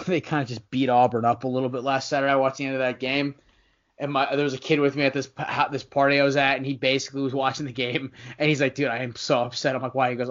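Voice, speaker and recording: A man in a casual sports podcast talks in a rambling, self-correcting way and teases his co-hosts. His voice sits at an ordinary pitch. The sound is dull and lo-fi. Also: fairly bright tone. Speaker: podcast co-host.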